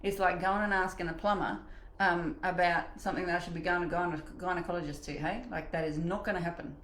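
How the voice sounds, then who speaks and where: A middle-aged woman leading a live online coaching session in a chatty, animated way, acting out the voices in her head. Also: fairly low pitch, fast, reverberant, a little hiss or hum, low-quality recording. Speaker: mindset coach.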